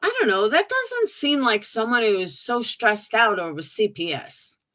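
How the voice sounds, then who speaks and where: A woman's voice: fairly high pitch, sing-song, normal speed, a bit bright. A woman streamer giving sarcastic, mocking commentary on clips.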